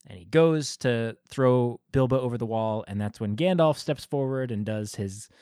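A man co-hosting a casual podcast, retelling film scenes with lively quoted voices. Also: medium pitch, moderate pace, smooth, dry recording, studio quality. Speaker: podcast co-host. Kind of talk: casual film review chat.

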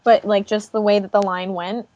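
A woman's voice: mid-range voice, flat delivery, moderate pace, a little mellow, highs cut off. A young adult woman reminiscing with a friend in a casual chat, giggly and loose with fillers. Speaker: co-host.

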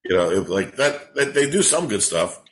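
With a lowish voice at normal speed, this forties-aged comedian rambles through profane, animated stories as a podcast guest. There's slight background noise and the recording is low quality.

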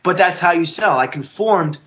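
A man guest in a casual podcast chat, telling animated stories, his voice jumping high whenever he gets excited. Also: moderate pace, dull audio.

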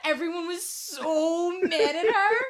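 A young woman, a former reality game contestant, telling stories in a lively way with laughter in a casual chat. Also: very high voice, slow, over a noisy crowd.

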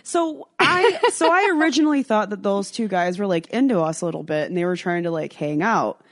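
A woman co-host recounts a night out in an unfiltered, animated chat. Her voice sits at an ordinary pitch, and it is recorded dry and close with no room sound. She drops swear words freely and acts out what people said. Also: a little fast, no room sound. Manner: animated, profane storytelling with acted-out quotes. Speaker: podcast co-host. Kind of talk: casual storytelling chat.

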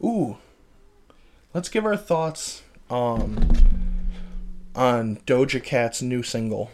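A man co-hosting a casual gossip podcast with his wife, animated and joking, breaking into loud outbursts. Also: medium pitch, very slow, a little hiss or hum. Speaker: podcast co-host.

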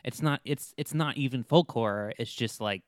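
Male podcast co-host, relaxed and keen, casual chat, smooth clear voice, dry close recording. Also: medium pitch, moderate pace, dry recording. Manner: enthusiastic, easygoing. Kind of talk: casual film discussion.

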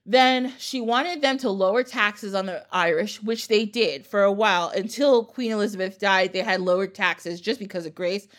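A woman hosting a podcast, telling a story in a casual, animated way, laughing and swearing casually. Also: medium pitch, normal speed, hardly any pauses. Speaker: podcast host.

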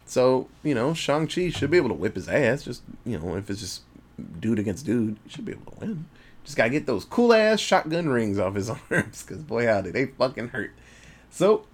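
A man on a podcast casually recapping a movie, cursing freely and acting out the characters' lines. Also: mid-range voice. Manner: animated, profane storytelling with acted-out voices. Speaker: podcast co-host.

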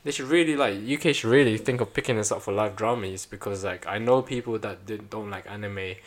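A man's voice: fairly low pitch, brisk. A man from the Philippines with an English accent from London, chatting casually on a podcast and going off on tangents. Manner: chatty, tangents, frequent "like" fillers. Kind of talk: casual chat.

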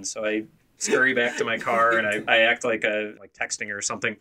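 A man in his thirties hosting a podcast, telling a story in an animated, laughing way. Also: fairly low pitch, brisk. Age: 30s. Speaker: podcast host. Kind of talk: casual storytelling.

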